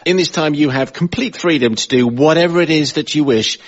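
A man hosting a comedy quiz show, briskly announcing rounds and scores. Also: on the high side. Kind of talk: scripted game show presenting. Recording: dull broadcast audio with audience.

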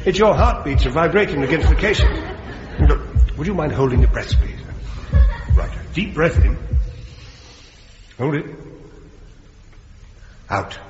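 A chirpy, breezy bomb-disposal officer. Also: male voice, a little high, animated, unhurried, long pauses, music in the background. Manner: chirpy and flippant, chuckling as he talks. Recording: dull, roomy sitcom soundtrack with long reverb and noise.

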